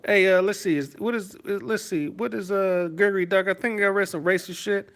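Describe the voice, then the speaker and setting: A man's voice: high voice, fairly even intonation, fairly quick, fairly bright tone. A man from Detroit hosting a live stream, reading out chat messages and answering them in a rambling, profane, mocking way. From Detroit, USA.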